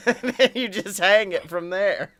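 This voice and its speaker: A man co-hosting a casual podcast chat, joking and energetic with quick asides, a little tired. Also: high-pitched. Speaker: podcast co-host.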